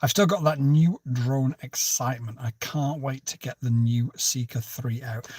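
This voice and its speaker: A man's voice: mid-range voice, fairly even intonation, normal speed, few pauses, darkish tone, dry recording. A man hosting a casual livestream, chatting and joking as he answers viewers' comments. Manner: chatty, jokey, jumps between topics and greets viewers by name. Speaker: livestream host.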